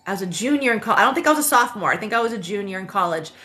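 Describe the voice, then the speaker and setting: Bright-voiced rambling woman livestreamer. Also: medium pitch, lively intonation, rapid-fire. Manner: rambling, full of fillers and self-corrections; swears casually. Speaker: spiritual livestream host. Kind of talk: casual livestream storytelling. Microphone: phone livestream.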